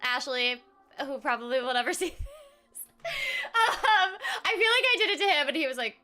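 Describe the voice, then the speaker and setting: A bubbly woman game streamer chats with her viewers in a very bright, high voice. Her pitch bounces all over the place, and she rambles and restarts between giggles and scatted filler sounds. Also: wildly swooping pitch, moderate pace. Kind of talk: casual live-stream chat with viewers.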